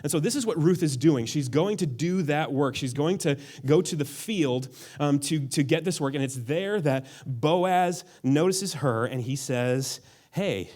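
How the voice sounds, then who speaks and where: A man delivers a sermon as a pastor. His voice sits a little higher than most men's. He keeps it relaxed and conversational, often breaking off into side remarks. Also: a little slow. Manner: casual and conversational, with frequent asides.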